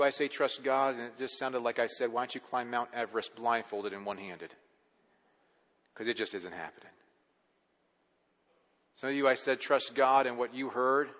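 A man's voice: medium pitch, a bit bright, in a large hall. A man preaching a sermon as a pastor, talking conversationally with rhetorical questions and restarting words when he gets going.

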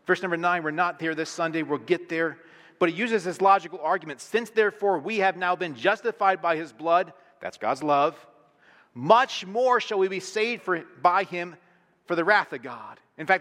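A pastor with a bright, slightly high voice delivers a sermon in a conversational style, posing rhetorical questions. His intonation is lively and his pace moderate. A large hall adds long reverb.

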